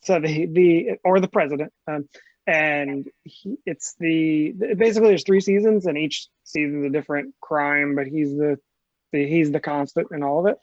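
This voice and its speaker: A man's voice: fairly high pitch, normal speed, no room sound, highs cut off. A man co-hosting a podcast, speaking in a casual, hesitant way with many fillers. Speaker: podcast co-host. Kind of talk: casual chat.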